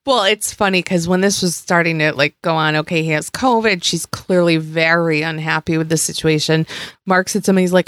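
A woman co-hosting a podcast in casual chat, wry and crude with quick jokes. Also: low-pitched, steady tone, a bit bright, dry recording, studio quality. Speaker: podcast co-host.

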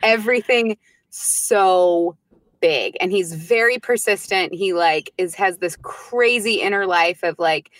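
A woman in her thirties, a podcast guest, chatting casually and telling lively stories about her young sons, acting out their little voices. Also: on the low side, slow, no room sound. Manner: lively storyteller who acts out her kids' voices. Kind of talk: casual chat.

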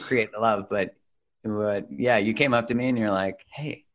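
A man's voice: lowish voice, steady tone, normal speed, fairly bright tone, highs cut off. A man hosting his podcast, talking in an enthusiastic, chatty way to his listeners and his guest. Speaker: podcast host. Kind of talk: podcast intro and casual interview.

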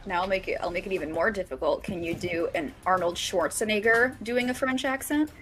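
A woman's voice: medium pitch, fairly quick, fairly bright tone. A woman co-hosting a trivia show, reading questions and teasing the host with a laugh.

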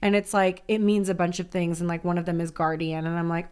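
Female podcast co-host, candid and expressive conversational delivery. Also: on the low side, fast, few pauses, clear, resonant tone. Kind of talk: casual chat.

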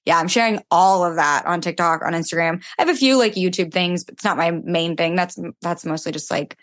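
Chatty young woman, low and dry. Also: fairly quick, fairly bright tone, no room sound. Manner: chatty, heavy use of filler "like". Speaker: podcast guest, fitness influencer. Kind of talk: casual chat.

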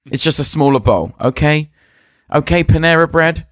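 A man guesting on a casual podcast, telling a long story in a rambling, hesitant way, full of pauses and restarts. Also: fairly high pitch, dry recording, clean studio sound. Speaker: guest magician.

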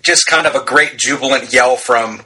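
A man's voice: medium pitch, moderate pace, bright, forceful tone, slightly rough, rough recording. A man in a casual film review chat, talking enthusiastically and gushing about an actor.

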